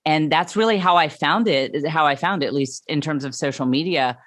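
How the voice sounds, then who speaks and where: A woman, a comedian guest telling stories in an animated, emphatic way. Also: sits low, normal speed, no room sound. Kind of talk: casual interview chat.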